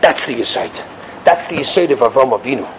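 A man giving a Torah sermon as a rabbi, animated and swinging between loud stresses and hushed asides. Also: medium pitch, fairly quick, a little hiss or hum.

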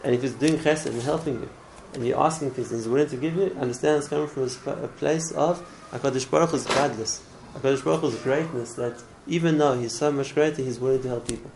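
A man's voice: mid-range voice, fast talker, vocal fry, hardly any pauses, noisy background. A man teaching a religious class in an earnest way, often repeating words and restarting his phrases. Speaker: Torah teacher.

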